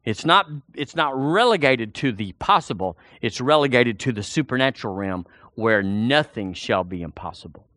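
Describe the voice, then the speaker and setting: Animated preacher man. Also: mid-range voice, moderate pace, no echo, clean studio sound. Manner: animated, folksy, repeats himself, addresses the congregation directly. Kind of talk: sermon.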